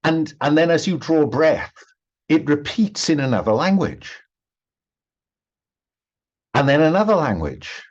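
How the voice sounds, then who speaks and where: A man's voice: fairly high pitch, very animated, a little slow, pauses often. Hesitant male game master, muffled call audio. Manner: hesitant, many ums and restarts. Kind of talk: narrating a tabletop game.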